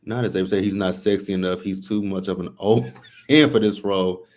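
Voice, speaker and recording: Low-voiced man casually co-hosting. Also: a little fast. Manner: relaxed, chuckles, restarts his sentences. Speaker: co-host. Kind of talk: casual live review chat.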